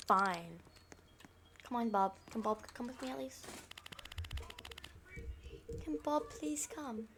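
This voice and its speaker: A woman's voice: a little high, animated, takes it slowly, vocal fry, noisy background. A woman hosting a gaming channel, giving playful, dramatic let's-play commentary while role-playing, dropping to whispers and bursting into panicked screams.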